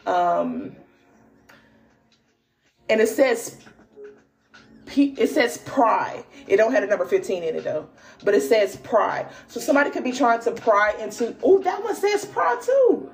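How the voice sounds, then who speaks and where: A woman's voice: medium pitch, unhurried, pauses often. A young woman hosting a spiritual podcast, telling a dream story with lots of slang and laughter, then reading cards. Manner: animated, laughing, slangy, exclaims often. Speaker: podcast host and spiritual reader. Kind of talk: casual storytelling and card reading.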